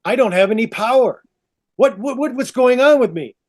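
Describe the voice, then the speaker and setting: A man's voice: fairly high pitch, measured pace, a little mellow, natural voice. A man voicing Adam as a shaken, bewildered first man who asks flustered questions while telling a story.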